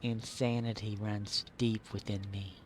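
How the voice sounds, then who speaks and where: A man's voice: on the low side, little pitch movement, measured pace, slight background noise. A man streaming a game live, rambling and joking as he plays and mutters to himself. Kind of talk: casual live-stream commentary.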